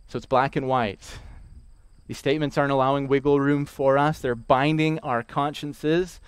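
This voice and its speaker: A man preaching a sermon, emphatic, repeating key lines slowly for weight. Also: mid-range voice, steady tone, clean tone, no room sound. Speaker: pastor.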